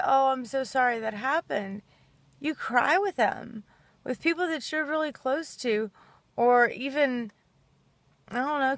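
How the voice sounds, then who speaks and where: A woman's voice: a little high, fairly bright tone, dry recording. A woman speaking earnestly and casually to camera, rambling a little and acting out small quoted exchanges. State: choked up. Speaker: self-help video host. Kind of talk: casual heartfelt talk to camera.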